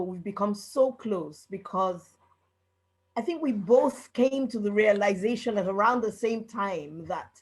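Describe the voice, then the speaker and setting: A woman speaking on a video call, giving an emotional tribute to an old friend, repeating herself in quick bursts. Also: medium pitch, low-quality recording. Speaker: friend of the author.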